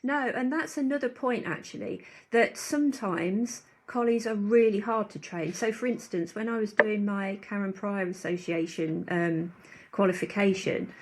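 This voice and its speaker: A woman dog trainer in a casual podcast conversation, explaining her points thoughtfully with frequent fillers. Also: mid-range voice.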